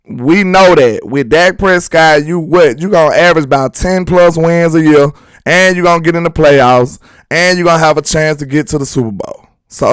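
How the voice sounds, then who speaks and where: A young man hosting a sports talk show, talking fast and slangy while firing up fellow fans with confidence. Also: on the high side, smooth, dry recording. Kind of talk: fired-up sports fan talk.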